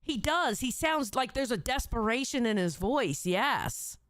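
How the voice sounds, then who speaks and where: A woman's voice: fairly high pitch, lively intonation, measured pace, fairly bright tone, no echo, clean studio sound. A woman streamer reacting to clips in a chatty way, exclaiming and swearing freely.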